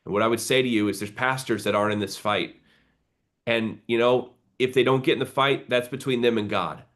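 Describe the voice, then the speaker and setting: A man's voice: medium pitch, fairly even intonation, fairly quick, fairly bright tone. A man who is a pastor, speaking earnestly on a live video call and building to a preacher's exhortation.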